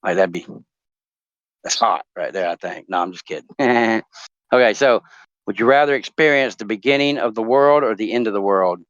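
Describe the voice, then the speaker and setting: Rambling, joking male host; smooth, clear voice on a dry, slightly muffled recording. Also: lowish voice, moderate pace, a bit bright, dry recording. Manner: rambling, joking, many fillers. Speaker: talk show host. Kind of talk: casual chat, asking would-you-rather questions.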